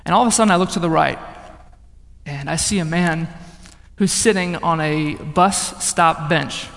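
A young man from the northern United States telling a personal testimony, animated, swinging between loud outbursts and hushed, low passages. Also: normal speed, creaky. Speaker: speaker giving a testimony. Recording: long reverb of a large hall.

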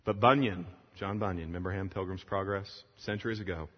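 Storytelling preacher in an echoing hall. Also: male voice, low voice, fairly quick. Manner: animated storytelling, acting out the dialogue. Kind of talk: sermon to pastors. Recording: lo-fi sound in a long-echo hall.

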